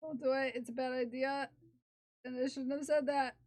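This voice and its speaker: A woman's voice: high-pitched, steady tone, moderate pace, a little mellow. A woman livestreaming as she crafts, chatting playfully with her viewers while she works.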